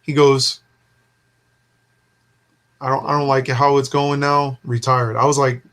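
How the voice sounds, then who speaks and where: A man in casual conversation, telling an animated story and acting out the dialogue. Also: mid-range voice, a little slow. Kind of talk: casual chat.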